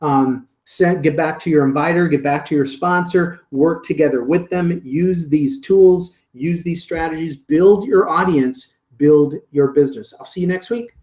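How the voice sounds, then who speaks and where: A man's voice: fairly high pitch, unhurried, hardly any pauses, darkish tone, roomy sound. A man giving a weekly live marketing training, coaching viewers in an upbeat, salesy way.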